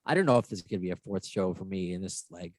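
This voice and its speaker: A man with a fairly low voice hosts a podcast in an easygoing, friendly way and jokes about his own nerves. The sound is dry and close, with no room around it. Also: fast talker, no room sound. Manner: relaxed, friendly, self-deprecating. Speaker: podcast host. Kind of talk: casual podcast chat.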